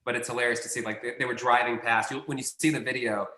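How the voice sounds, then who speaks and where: A man's voice: mid-range voice, flat delivery, fast talker, bright, forceful tone, roomy sound. A man, a casting director guest, telling a long anecdote in a rambling, self-correcting way.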